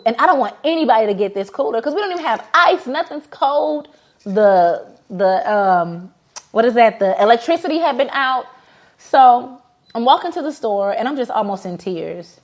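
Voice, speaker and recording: A woman's voice: fairly high pitch, lively intonation, moderate pace. Heartfelt woman telling a story. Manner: heartfelt storytelling with many fillers. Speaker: business owner and podcast host. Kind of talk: casual motivational talk.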